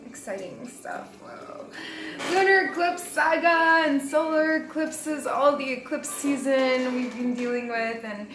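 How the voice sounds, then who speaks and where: A woman's voice: high-pitched, measured pace, echoey room, rough recording. A young adult woman giving a casual, rambling tarot reading, chatty and laughing at herself. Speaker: tarot reader.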